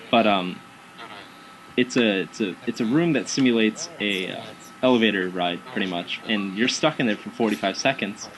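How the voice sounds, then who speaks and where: A man chatting casually as a guest, telling lively anecdotes with frequent fillers and laughs. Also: lowish voice, rough recording. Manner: animated anecdotes with acted quotes, frequent fillers. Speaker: guest, haunted house actor. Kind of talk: casual chat, storytelling.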